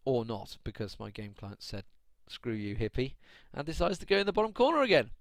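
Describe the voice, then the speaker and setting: A man's voice: fairly high pitch, huge pitch swings, fast talker, vocal fry, no room sound. A man from the UK, casting a match alone on a live stream, chatty, often laughing and ranting at his chat. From United Kingdom. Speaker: esports caster. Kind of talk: solo live stream commentary.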